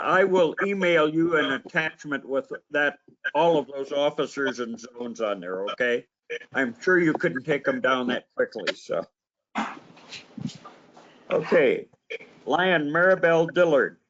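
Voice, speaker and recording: A man's voice: mid-range voice, a little slow, fairly bright tone. A man hosting an online meeting, speaking in a friendly, conversational way. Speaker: meeting host. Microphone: video call. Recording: muffled video call audio.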